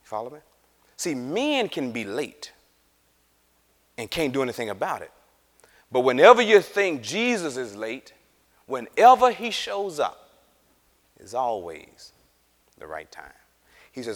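A man's voice: medium pitch, huge pitch swings, unhurried, pauses often, a bit bright, long reverb tail. A male preacher giving a conversational sermon, often asking the audience questions.

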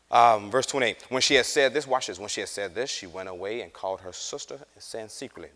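A man teaching a Bible class, animated and acting out the scripture characters as he reads. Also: fairly low pitch, brisk. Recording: reverberant room.

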